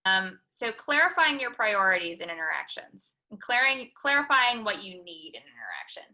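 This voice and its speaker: A woman counselor giving a conversational online lecture with shared slides, using personal examples and frequent "um" pauses. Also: mid-range voice, very animated, pushed and bright, low-quality recording. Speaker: counselor presenting a talk.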